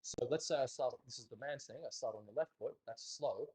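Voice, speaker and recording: A man teaching a dance class in a studio, talking casually and in an animated way, joking bluntly and swearing now and then. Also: mid-range voice, fast talker. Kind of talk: casual instructional talk.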